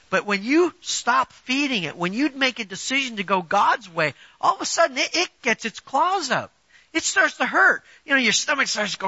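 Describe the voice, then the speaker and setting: A man delivers a sermon in a high voice with a sharp, bright edge. He talks to the congregation conversationally but with emphasis, pressing rhetorical questions. The recording is dry and a touch dull. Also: big pitch swings, a little fast, no room sound. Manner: conversational, personal examples. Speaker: preacher.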